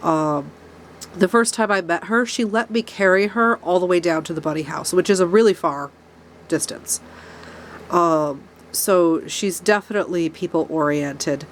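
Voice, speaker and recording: A woman with a fairly low voice speaks at a measured pace, with slight background noise. Stuffy from a cold, this rabbit keeper vlogs to camera in her barn beside her pets, angrily ranting about a problem and pointing out her angry tone.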